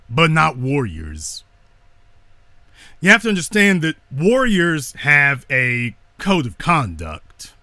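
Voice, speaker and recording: A man giving a slow, deliberate lecture, speaking emphatically and repeating his key lines. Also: on the high side, huge pitch swings, pushed and bright, dry recording.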